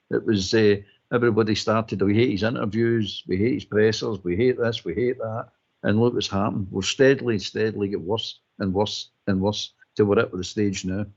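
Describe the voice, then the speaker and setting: A Scottish man calling in to a radio phone-in, giving his opinion emphatically and repeating his points. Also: lowish voice. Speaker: caller. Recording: muffled phone-in line.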